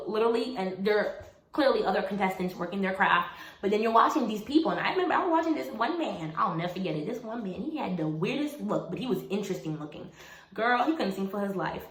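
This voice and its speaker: A woman's voice: medium pitch, a bit bright. A woman in her twenties telling a personal story in a casual, chatty way, calling the listener girl and honey. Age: 20s. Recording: roomy echo.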